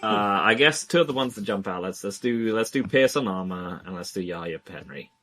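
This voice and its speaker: A man co-hosting a combat sports podcast in casual chat, animated, laughing and repeating himself. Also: on the low side, a little fast. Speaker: podcast co-host.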